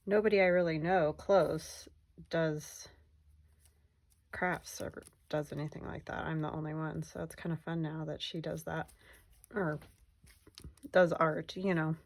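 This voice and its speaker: A middle-aged woman chatting casually as she works through a craft project at home, rambling and soft-spoken. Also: low-pitched, fairly even intonation, unhurried, long pauses. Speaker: crafting vlogger. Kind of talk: casual craft-along chat. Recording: faint background noise.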